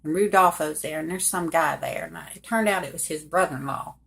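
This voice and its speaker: A woman's voice: low-pitched, brisk, creaky, a bit bright. Folksy woman telling her own story. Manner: folksy, colloquial, talks straight to listeners. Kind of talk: casual personal storytelling.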